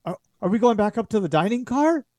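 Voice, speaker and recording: A man voicing an excited ten-year-old boy in a tabletop game. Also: sits high, fast, no echo, clean studio sound, voice pushed up. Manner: eager, chattering.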